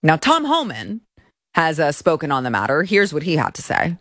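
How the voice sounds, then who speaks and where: A woman's voice: low voice, huge pitch swings, normal speed, a bit bright. A woman hosting a political commentary show, speaking in a sarcastic, indignant tone. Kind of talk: opinionated commentary.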